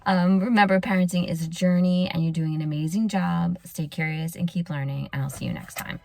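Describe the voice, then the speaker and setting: A middle-aged woman, a pediatrician hosting a podcast, giving earnest parenting advice and often dropping to a hushed near-whisper. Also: on the low side, steady tone, a little fast, vocal fry.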